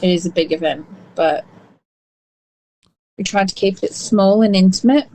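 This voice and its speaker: A woman's voice: medium pitch, normal speed, a little mellow, poor audio. A woman with an Australian accent co-hosting a podcast, blunt and sweary in casual banter. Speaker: podcast co-host.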